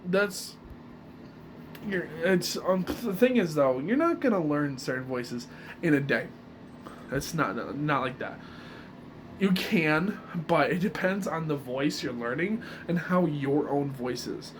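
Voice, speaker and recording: A man's voice: on the high side, animated, slow pace, slight background noise. A man explaining voice impressions in a casual, rambling way, often restarting his sentences. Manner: rambling, self-correcting mid-sentence. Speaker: voice impression tutor. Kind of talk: casual video tutorial.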